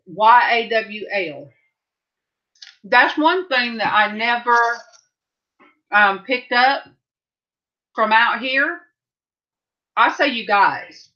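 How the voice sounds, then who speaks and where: A woman's voice: a little high, animated, slow, long pauses. A middle-aged woman from California hosting a livestream from her home craft room, chatting and rambling as she answers viewers' comments. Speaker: livestream host. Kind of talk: casual chat with viewers. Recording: slightly dull lo-fi sound.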